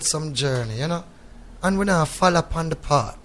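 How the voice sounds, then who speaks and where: A Jamaican man talks in thick patois in a radio studio, sounding reflective and a little preachy. His voice sits somewhat high for a man. He keeps pulling the listener in with "you know what I mean". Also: expressive, moderate pace, fairly bright tone. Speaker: guest reggae artist.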